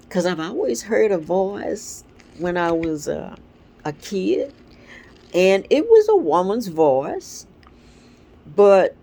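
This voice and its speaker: Earnest, animated woman with stuffy sinuses. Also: on the low side. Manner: earnest, rambling, animated storytelling. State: congested sinuses. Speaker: vlog host. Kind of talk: casual spiritual reflection. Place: at home with a dog nearby.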